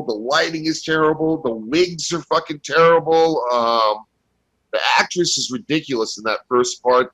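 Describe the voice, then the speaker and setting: A man's voice: medium pitch, fairly bright tone, no room sound, poor audio. A man co-hosting a podcast, blunt and exasperated in casual chat, often stumbling over repeated words. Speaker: podcast co-host.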